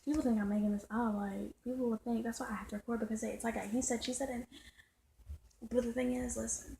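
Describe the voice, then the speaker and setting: A woman's voice: on the high side, fairly even intonation, fast talker, creaky, warm tone, a little hiss or hum, rough recording. A woman vlogging in a casual, emphatic monologue, repeating and circling back over her points. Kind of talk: casual ranting monologue to viewers.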